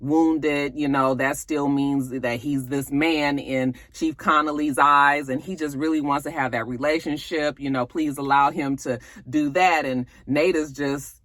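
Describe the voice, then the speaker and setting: A woman recapping a TV episode in a casual, blunt and profane way, with sudden emphatic high bursts. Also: fairly even intonation, a little slow, hardly any pauses, a bit bright, no echo, clean studio sound. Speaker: TV show reviewer.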